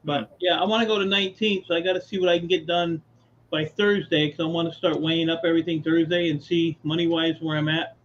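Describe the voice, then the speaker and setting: A man's voice: on the high side, flat delivery, quick pace, slight background noise. A man chatting casually on a live call, telling stories with easy laughs and casual swearing, over dull lo-fi audio. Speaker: guest on a live scrap chat. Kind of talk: casual storytelling chat.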